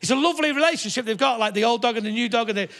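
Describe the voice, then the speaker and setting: This middle-aged comic speaks in a very high-pitched, rapid-fire voice. Performing for a live theatre crowd, he delivers brash, profanity-laced stories. He punctuates them with shouted character voices.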